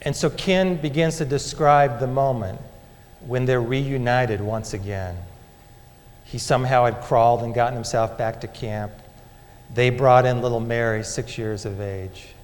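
A man preaching a sermon as a dramatic story, moving between loud and hushed delivery. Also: medium pitch, unhurried. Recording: long hall reverb.

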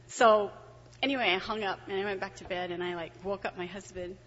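Middle-aged woman, storyteller, husky, animated and excitable, dull hall recording with a long echo. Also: mid-range voice, a little fast. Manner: animated, excitable, laughs often. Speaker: testimony speaker. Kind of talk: personal storytelling to an audience.

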